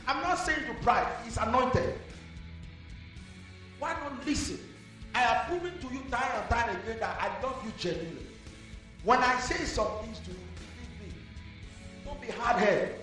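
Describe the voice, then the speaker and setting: A man preaching a sermon as pastor, shifting from soft, intimate talk to loud, fervent declarations. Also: very high voice, animated, moderate pace, pauses often, distant mic. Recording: echoey hall with music behind.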